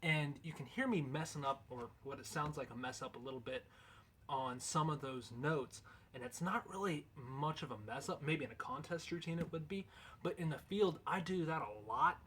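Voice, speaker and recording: A man's voice: on the high side, normal speed, a bit bright, a little hiss or hum. Casual man explaining goose calls. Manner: loose, conversational, folksy. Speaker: goose-call instructor. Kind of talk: casual instructional video.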